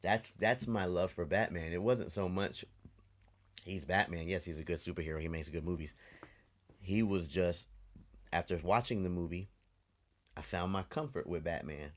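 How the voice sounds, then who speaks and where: A man's voice: deep voice, moderate pace, pauses often. A man co-hosting a podcast, telling candid stories from childhood in a loose, casual way. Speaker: podcast co-host. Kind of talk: casual chat.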